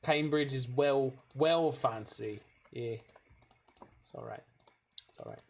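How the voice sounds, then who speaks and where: A man's voice: medium pitch, slow pace, creaky. A North American man chatting casually with viewers while playing a card game, rambling off into stories. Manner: rambling, digressive storytelling. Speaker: game streamer.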